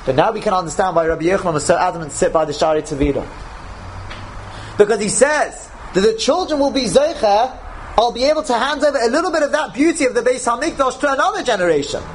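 A man giving a Talmud lecture, animated, with many restarts and Hebrew terms. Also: high voice, a little hiss or hum, low-quality recording. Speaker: Torah teacher.

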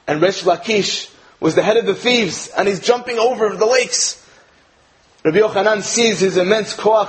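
An American man giving a sermon-style Torah talk, telling a joke with animated quoted lines before turning to his lesson. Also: high voice, low-quality recording. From United States. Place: speaking in England.

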